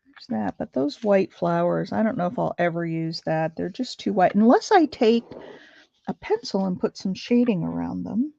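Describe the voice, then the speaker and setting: A woman's voice: medium pitch, animated, normal speed, creaky, dark tone, no room sound, dull audio. A woman hosting a craft livestream, chatting casually with viewers and thinking aloud as she works. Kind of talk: casual chat while crafting.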